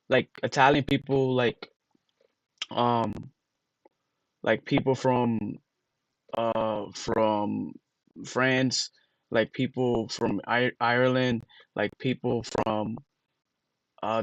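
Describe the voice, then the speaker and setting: A man streams live in a casual, rambling way, breaking words down sound by sound and addressing his viewers with emphatic disbelief. His voice sits in an ordinary middle pitch. The sound is dry and close, with no room around it. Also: no echo, low-quality recording. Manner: talks to his chat, emphatic and incredulous. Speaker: livestreamer. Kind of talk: casual livestream chat.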